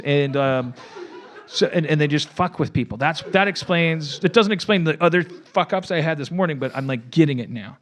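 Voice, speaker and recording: A man telling a long improvised joke on a comedy podcast, halting, breaking off and laughing as he goes. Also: fairly high pitch, lively intonation, a bit bright. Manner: halting, self-interrupting, laughing.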